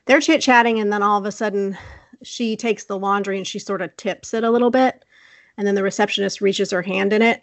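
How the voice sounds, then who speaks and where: A woman telling a personal story on a casual podcast, lively, laughing often and acting out the people she quotes. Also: mid-range voice, creaky, dry recording. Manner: animated, laughs often, acts out quoted voices. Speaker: podcast co-host.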